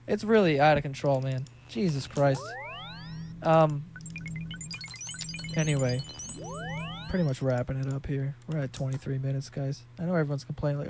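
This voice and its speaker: A man in his twenties hosts a solo podcast, talking loosely and profanely with lots of fillers as he rambles. His voice is fairly high and mellow, at a normal speed.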